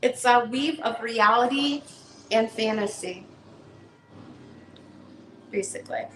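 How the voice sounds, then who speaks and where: Woman, bookseller host, casual live-sale patter, fairly high voice, roomy sound. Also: faint music behind. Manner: casual, chatty, unhurried. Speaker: online bookseller. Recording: roomy echo.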